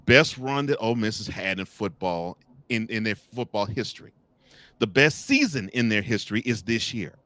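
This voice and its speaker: This man, hosting a college football talk segment, has a lowish voice and a moderate pace, with no echo in the recording. He jokes around animatedly and speaks straight to the coaches and officials under discussion.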